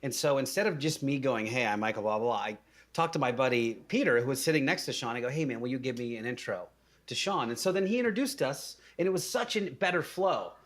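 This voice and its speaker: A man's voice: mid-range voice, expressive, quick pace, a bit bright. A man guesting on a podcast, giving casual conversational advice with frequent fillers and restarts.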